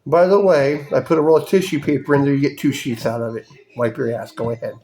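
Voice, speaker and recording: A man's voice: medium pitch, fairly even intonation, fast, a little mellow. A man hosting a podcast, ranting angrily with heavy swearing and mocking voices. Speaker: podcast host. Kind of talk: profane ranting monologue.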